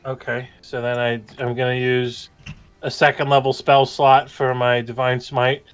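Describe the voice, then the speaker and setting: A man's voice: mid-range voice, little pitch movement, moderate pace, clean tone. A man playing a tabletop game, chatting casually with laughing, profane banter. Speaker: player.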